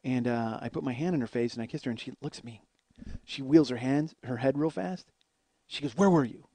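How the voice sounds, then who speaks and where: A middle-aged man telling comic stories and ranting, profane and animated, acting out the other people in them. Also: medium pitch, a little fast, no echo. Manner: ranting, profane, storytelling with acted-out quotes. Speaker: podcast host. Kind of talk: solo comedic monologue.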